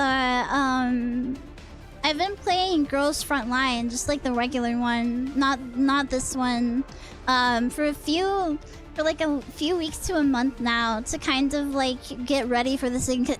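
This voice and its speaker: A woman streamer chatting casually and teasingly, rambling with lots of fillers as she talks to her chat. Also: high voice. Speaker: VTuber streamer.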